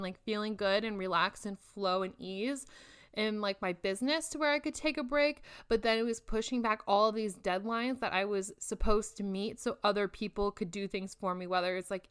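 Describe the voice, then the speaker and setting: A woman's voice: a little high, fairly bright tone, clear, resonant tone. A woman in her twenties hosting a solo podcast, talking candidly and casually with lots of filler words. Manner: candid, chatty, frequent "like" fillers, occasional swearing. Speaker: podcast host.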